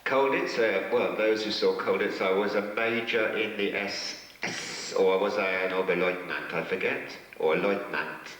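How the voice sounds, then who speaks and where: Deep-voiced man rambling in an echoey hall. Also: steady tone, moderate pace, few pauses, fairly bright tone, distant mic. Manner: rambling, hesitant, self-mocking, chuckling. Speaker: guest actor at a fan convention panel. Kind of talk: convention Q&A anecdotes. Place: large convention hall with an audience.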